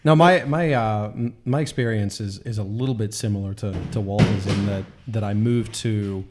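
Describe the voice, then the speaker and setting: A man's voice: fairly low pitch, moderate pace, heavy background noise. A man from Australia with an Australian accent, a comedian guest telling a story in a casual panel discussion, rambling and self-deprecating.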